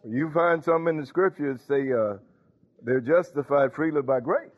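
A man's voice: a little high, moderate pace, phone-quality sound. A man preaching a sermon, calling out to the congregation and breaking into sung lines.

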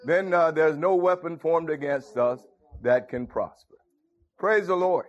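A man's voice: fairly high pitch, a little slow. A man preaching a folksy sermon, calling out to his congregation. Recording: dull lo-fi recording.

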